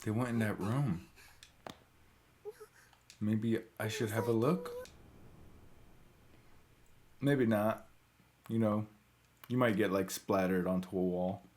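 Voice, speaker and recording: A woman's voice: extremely low pitch, fairly even intonation, slow, long pauses, a little mellow, a little hiss or hum. A woman commenting casually on her gameplay, making jokey asides to her viewers. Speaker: let's-play gamer.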